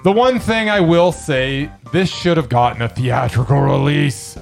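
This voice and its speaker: A man co-hosting a podcast, giving his laid-back, measured take on a film in casual chat. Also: a little high, vocal fry, soft background music. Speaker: podcast co-host. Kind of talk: casual movie review chat.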